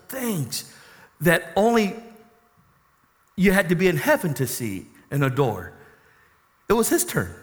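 A man preaching a sermon as a pastor, animated and questioning the congregation. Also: high voice, measured pace, long pauses. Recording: reverberant hall.

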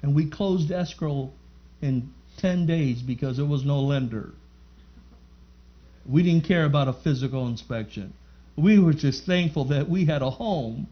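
A man's voice: fairly high pitch, unhurried. A man giving a fervent church testimony, telling his story and rising into emphatic praise before a live gathering. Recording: muffled lo-fi recording.

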